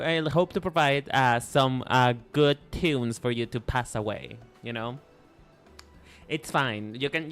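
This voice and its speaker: A man's voice: medium pitch, fairly bright tone, clean tone. A man with a Mexican accent, a native Spanish speaker, chatting casually on a live stream in a playful, rambling way full of restarts. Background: faint music.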